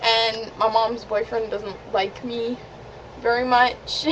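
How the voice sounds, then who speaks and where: A teenage girl talks straight to her webcam, chatty and indignant, her voice sitting a little high. The built-in mic sounds dull and lo-fi, with a clear hiss underneath. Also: fairly even intonation, takes it slowly, a bit bright. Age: teens. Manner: chatty, indignant, many "like" fillers. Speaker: vlogger. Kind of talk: casual chat to camera.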